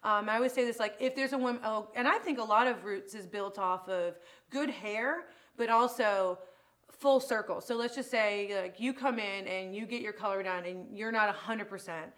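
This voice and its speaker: A woman's voice: mid-range voice, normal speed, fairly bright tone. A woman salon owner talks openly as a guest in a casual chat. She is emotional and rambling, restarting her thoughts often. Her voice sits in the middle of the range.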